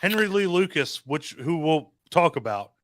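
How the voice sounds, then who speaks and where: A man's voice: fairly high pitch, lively intonation, moderate pace, a bit bright. A man hosting a casual group chat, talking bluntly and swearing freely.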